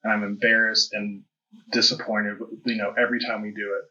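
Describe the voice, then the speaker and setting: A man's voice: lowish voice, level tone, fairly quick, pushed and bright. A man hosting a podcast, talking candidly and reflectively, with frequent fillers. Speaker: podcast host. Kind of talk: casual conversation. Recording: dull lo-fi audio.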